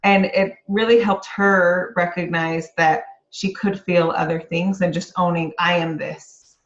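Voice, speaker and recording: A woman's voice: on the low side, fairly even intonation, unhurried. A middle-aged woman, a real estate agent, giving an upbeat, encouraging motivational talk to the camera. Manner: upbeat and encouraging, breaks into laughter. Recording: roomy, slightly dull lo-fi sound.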